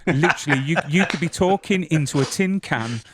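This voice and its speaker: A man's voice: on the high side, lively intonation, fairly quick, background noise. A man hosting a podcast, introducing guests in an upbeat, effusive way. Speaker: podcast host. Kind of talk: casual interview chat.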